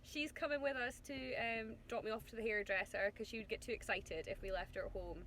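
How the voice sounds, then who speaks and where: A woman's voice: fairly high pitch, fairly even intonation, brisk, a bit bright, a little hiss or hum. A woman talking casually to camera in a vlog, chatty and laughing often, cooing at her dog. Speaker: vlogger.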